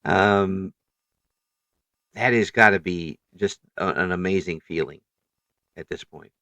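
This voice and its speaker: A man hosting a casual interview, warm and halting, repeating words as he builds his questions. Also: low-pitched, no echo, dull audio. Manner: hesitant, repeats words while forming questions. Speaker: interview host.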